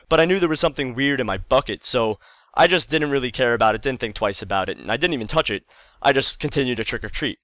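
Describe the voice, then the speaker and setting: A man tells a story in a relaxed storytime vlog, chatty and rambling, often repeating words for emphasis. His voice sits at an ordinary middle pitch. The sound is dry and close, with no room echo. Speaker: YouTube storyteller.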